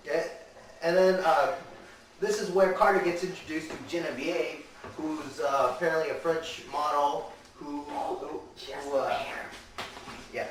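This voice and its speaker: A young man recaps a film plot in loose, meandering chat, stringing scenes together with "and then." His voice sits a little high and comes from some distance in a very echoey room. A faint hiss runs underneath. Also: fairly even intonation, measured pace. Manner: meandering, full of "and then" and "he's like". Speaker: amateur movie reviewer. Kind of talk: rambling casual plot recap.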